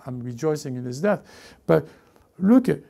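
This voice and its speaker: Male pastor preaching, gravelly mellow voice, animated delivery that slips into character voices. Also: fairly high pitch, moderate pace. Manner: animated, repeats words, acts out characters. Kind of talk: lively sermon with acted-out voices.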